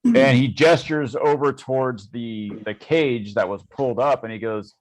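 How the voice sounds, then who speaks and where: A man narrating as game master, halting and laid-back, with small laughs. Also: medium pitch, rough recording.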